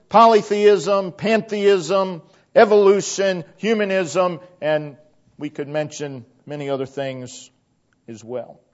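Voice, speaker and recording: Guy preaching slow and emphatic, highish voice, kinda dull lo-fi tape sound. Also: darkish tone. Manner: emphatic, deliberate, repeating key phrases. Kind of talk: sermon.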